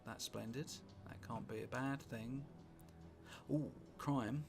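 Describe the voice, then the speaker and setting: British man, gravelly low voice, rambling wry game commentary, swears in asides, music playing underneath. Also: fairly even intonation, slow. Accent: British English. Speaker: gameplay commentator. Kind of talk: casual let's-play commentary.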